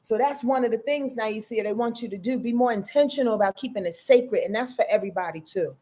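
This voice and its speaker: A woman with a slightly raised pitch hosts a live-stream astrology reading. She talks in a loose, chatty way, affectionate and blunt, with casual cursing mixed into her spiritual advice. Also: fast talker, dark tone. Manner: frank, affectionate, profane, chatty.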